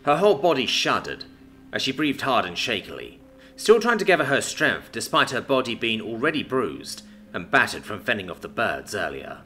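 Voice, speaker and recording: Lively-voiced male story narrator. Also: medium pitch. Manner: expressive dramatic reading. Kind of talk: scripted narration.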